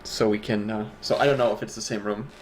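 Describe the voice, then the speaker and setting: A man's voice: on the low side, fairly even intonation, quick pace, a little hiss or hum, low-quality recording. A young man co-hosting a stream from a desk at home, chatting casually, joking and laughing often. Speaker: co-host of an awards stream.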